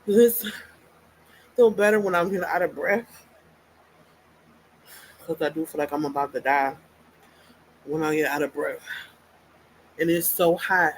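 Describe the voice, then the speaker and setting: A woman's voice: low voice, unhurried, long pauses, a little hiss or hum, poor audio. A woman vlogging casually, out of breath and venting bluntly with profanity. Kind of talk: casual personal vlog.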